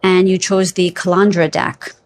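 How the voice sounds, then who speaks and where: A woman giving a pick-a-card psychic reading to camera, feeling her way through names with hesitations and gently reassuring her viewers. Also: fairly low pitch, little pitch movement, moderate pace, slight background noise. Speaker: tarot card reader.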